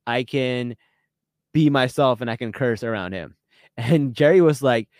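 Guy on a podcast recapping a dating show, laughs a ton, slow easy pace, super dry close sound. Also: mid-range voice, no echo. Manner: animated storytelling, laughs often, quick reenacted quotes. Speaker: podcast co-host. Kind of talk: casual recap chat.

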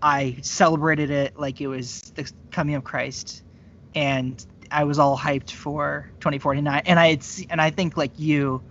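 A man's voice: fairly high pitch, level tone, moderate pace, a bit bright, a little hiss or hum. A man chatting casually on a podcast, rambling and laughing often. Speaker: podcast co-host. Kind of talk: casual chat. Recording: dull lo-fi sound.

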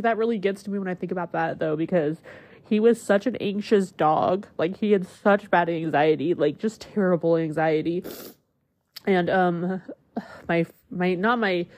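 Chatty woman podcast host, slightly low. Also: darkish tone, no room sound. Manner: chatty, heavy use of "like", emotional and candid. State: choked up at times. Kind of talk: casual personal storytelling.

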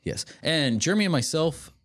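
In casual podcast conversation, a male co-host rambles with fillers and laughs frequently. His fairly high, fairly bright voice swings widely in pitch at a moderate pace, with a little hiss or hum in the recording.

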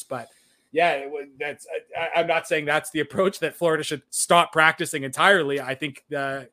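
A man co-hosting a sports podcast, telling stories in a casual, animated way with lots of filler words. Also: medium pitch. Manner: animated storyteller, frequent "like" fillers. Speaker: podcast co-host.

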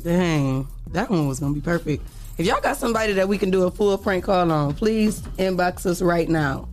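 A co-host talking casually in a radio studio, lively and quick to laugh, who also reads a news story aloud. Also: female voice, on the low side, soft background music.

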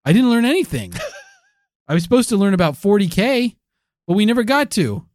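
A man's voice: high voice, very animated, fairly quick, a little mellow, no echo. A man co-hosting a comedy podcast, telling a rambling, crude and absurd improvised story.

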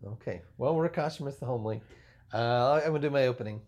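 A man's voice: mid-range voice, quick pace, darkish tone, lightly acted. A man playing a damned soul who hosts a podcast from hell. He acts as the exasperated straight man in an improvised comedy podcast. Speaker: podcast host. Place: podcast studio.

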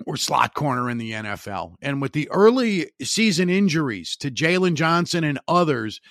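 A middle-aged man talks sports on his podcast, blunt and opinionated, with a wry edge and plenty of restarts. His voice sits a little higher than most men's. The sound is dry and close, with no room around it. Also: fairly bright tone, no room sound. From Chicago area. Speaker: podcast host. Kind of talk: sports talk monologue.

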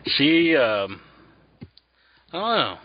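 A man's voice: on the high side, sing-song, drawn-out words. A man with a West Virginian accent, co-hosting a podcast in a rambling, casual way. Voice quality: rambling, with many restarts and frequent "mm-hmm". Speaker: podcast co-host. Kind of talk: casual chat. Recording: muffled lo-fi podcast audio.

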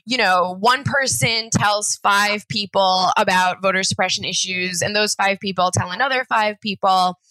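A woman organizer speaks in an interview, explaining things in an earnest, thoughtful way. Her mid-pitched voice is bright and clear. The sound is close and dry. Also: normal speed, hardly any pauses, dry recording, low-quality recording. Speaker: political organizer. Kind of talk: interview conversation.

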